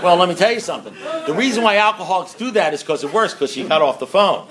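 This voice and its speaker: A man's voice: high voice, lively intonation, fast talker, over a noisy crowd, heavy background noise. A man sharing a story with a recovery meeting, rambling and self-mocking, with many asides to the listeners. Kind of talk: storytelling share to a meeting audience.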